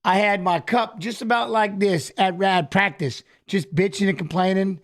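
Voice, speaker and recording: A man's voice: high-pitched, moderate pace, hardly any pauses. A middle-aged man, a retired fighter co-hosting a casual watch-along, telling stories animatedly and repeating phrases.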